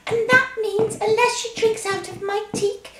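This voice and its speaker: A woman's voice: very high-pitched, fairly even intonation, a little slow. A woman voicing a kind, motherly magic teapot puppet, soothing and sing-song. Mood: kindly. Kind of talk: children's puppet show. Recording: roomy echo.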